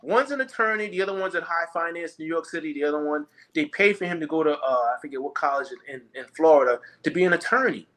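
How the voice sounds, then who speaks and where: Lively, emphatic man ranting casually. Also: fairly high pitch, fast, few pauses. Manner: emphatic, rambling, many restarts. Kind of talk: opinionated casual chat.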